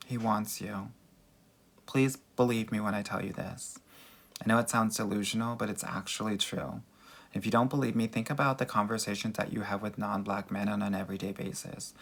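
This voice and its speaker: Gravelly-voiced man with Valley Girl manner. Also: fairly low pitch, fairly even intonation, fairly quick, fairly bright tone. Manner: chatty, calls viewers girl and honey. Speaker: dating coach. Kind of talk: livestream Q&A answering chat comments.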